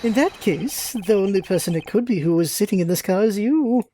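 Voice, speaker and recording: A woman voicing a confident male prosecutor, measured and formal as she reads game dialogue aloud. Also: mid-range voice, lively intonation, warm tone, a little hiss or hum, close to an everyday voice.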